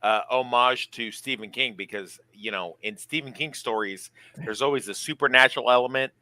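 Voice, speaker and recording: A man chatting casually during a movie watch-along, rambling and swearing while making dark, edgy jokes. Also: medium pitch, normal speed. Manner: rambling, profane, dark joking. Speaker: podcast co-host.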